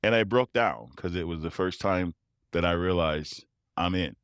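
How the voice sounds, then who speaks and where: A man, a tuba player, telling personal stories as a guest, animated and often laughing. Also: low voice, normal speed, clean tone, no room sound, studio quality. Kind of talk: interview storytelling.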